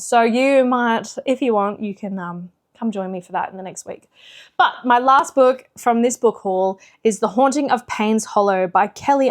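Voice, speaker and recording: A woman book vlogger in casual chat, chatty and animated with lots of fillers. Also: mid-range voice. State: slightly out of breath.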